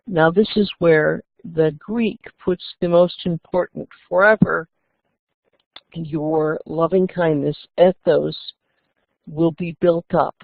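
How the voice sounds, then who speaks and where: Bible teacher, woman, deliberate unhurried lecture, gravelly voice, tinny phone-like sound. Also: low voice, fairly even intonation, dry recording. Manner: deliberate, reading out and explaining Greek words. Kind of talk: scripture lecture.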